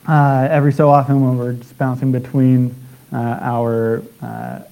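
A man gives a sermon in a hesitant, stop-and-start way, often circling back over his own words. His voice sits at an ordinary middle pitch. The recording sounds dull and muffled. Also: little pitch movement, clear, resonant tone. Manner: halting, many restarts and filler sounds. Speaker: preacher.

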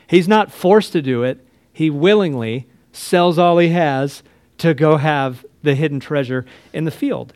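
A man's voice: fairly high pitch, darkish tone, dry recording. A male pastor giving an earnest, conversational sermon, often checking in with his listeners. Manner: earnest, conversational preaching with frequent "right?" asides.

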